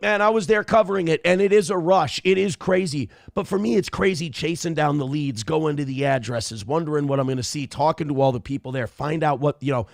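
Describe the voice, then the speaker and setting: Guy ranting on his morning show, gravelly voice, swings up and down a lot, dry room. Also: fairly high pitch, no echo. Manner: blunt, ranting, swears often. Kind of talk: profane political commentary.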